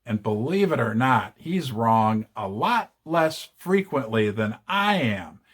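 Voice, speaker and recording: A man's voice: medium pitch, takes it slowly, husky. A man hosting his own channel, giving casual investing commentary with chatty, joking asides. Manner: chatty and animated, jokey asides. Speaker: channel host.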